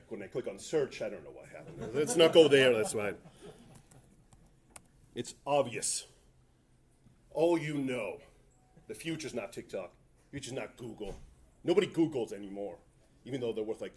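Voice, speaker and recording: At a conference, a man gives a tech talk in a conference room, rambling and poking fun at himself with jokey asides. His voice is medium-pitched with a darkish tone.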